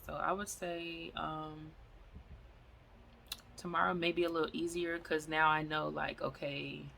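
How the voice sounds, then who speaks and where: Young woman vlogger, chatty and dramatic, with a gravelly edge and a bright, forceful tone. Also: low voice, a little hiss or hum. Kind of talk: casual vlog chat.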